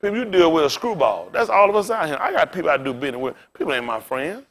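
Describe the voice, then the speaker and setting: Higher-voiced male pastor, preaching loosely. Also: big pitch swings, fast talker. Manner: casual preaching with big swings in pitch and loudness; talks directly to the congregation. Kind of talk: sermon.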